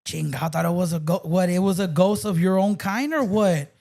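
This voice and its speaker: A man's voice: sits high, brisk, vocal fry, a little mellow. A man, a guest on a podcast, chatting casually and telling loose stories with swearing and bits of Spanish. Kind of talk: casual chat.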